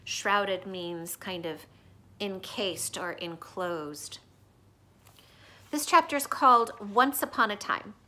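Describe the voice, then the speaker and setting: A woman reading a children's novel aloud, stopping in a gentle, teacherly way to explain words and story craft. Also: medium pitch, lively intonation, slow pace. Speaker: read-aloud host.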